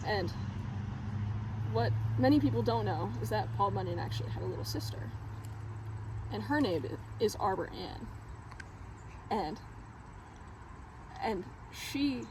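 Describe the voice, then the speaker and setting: A woman tells an invented legend in a mock-solemn, deadpan way. Her voice sits at an ordinary middle pitch. Clear background noise runs under the recording. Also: measured pace, pauses often. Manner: deadpan mock-serious, laughs through lines. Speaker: storyteller. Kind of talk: improvised tall tale.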